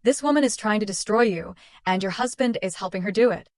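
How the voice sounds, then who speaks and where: A woman's voice: medium pitch, expressive, brisk, a little mellow, no echo, natural voice. Woman doing blunt protective bestie, firm voice, dry audio. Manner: firm, outraged. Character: loyal, blunt young adult best friend, woman.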